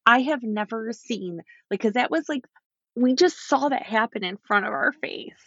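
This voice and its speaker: A woman's voice: a little high, normal speed, a bit bright, no echo, highs cut off. A woman co-hosting a podcast in casual chat, speaking emphatically and indignantly. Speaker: podcast co-host.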